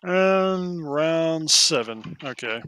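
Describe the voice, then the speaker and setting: A man's voice: a little high, animated, extremely slow, a bit bright, clean tone. A man playing a game on stream, joking around in casual chat. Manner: joking, playful. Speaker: co-player on stream.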